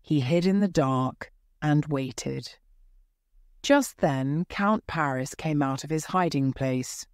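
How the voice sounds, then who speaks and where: Slow, low-voiced woman reading a story. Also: darkish tone, no echo, clean studio sound. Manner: slow, careful, clear reading. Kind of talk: slow graded-reader narration for English learners.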